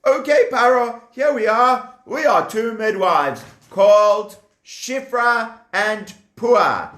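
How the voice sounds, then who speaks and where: A man's voice: high voice, lively intonation, slow, pitched above the performer's own voice, full character voice. A man voicing two cheerful, eager female midwives in a children's storybook tale. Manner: bright, eager and obliging. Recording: echoey room.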